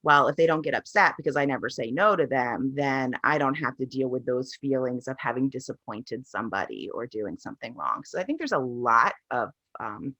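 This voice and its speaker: A woman with a rumbling low voice that's a bit bright, answering interview questions as a parenting coach. She recounts her experiences earnestly and reflectively.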